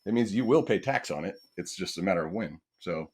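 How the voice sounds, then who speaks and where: Male podcast guest, low voice, animated storyteller, plays both sides of conversations. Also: brisk, husky. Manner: animated storyteller acting out quoted dialogue. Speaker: firefighter and real estate investor.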